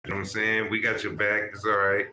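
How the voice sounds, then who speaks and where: A man's voice: fairly low pitch, level tone, fast talker, echoey room. A man hosting a livestream, lecturing his viewers in a profane, preachy way and calling out to people in the chat. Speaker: livestream host.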